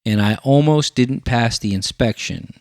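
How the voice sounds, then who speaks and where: A man's voice: medium pitch, moderate pace, no room sound. Man telling a story, dry close sound. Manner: animated storyteller, acts out quoted voices. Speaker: podcast host. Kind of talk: casual storytelling chat.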